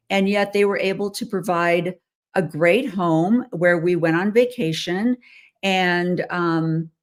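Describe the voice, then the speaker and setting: An American woman hosting a podcast, talking casually in a chatty, rambling way with many fillers and restarts. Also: fairly low pitch. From United States. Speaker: podcast host. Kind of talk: casual solo talk.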